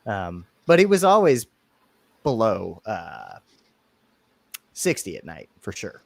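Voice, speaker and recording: A man's voice: lowish voice, huge pitch swings, slow, gravelly, no room sound. A man co-hosting a podcast, chatting casually and laughing often between rambling asides. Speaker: podcast co-host. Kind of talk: casual chat.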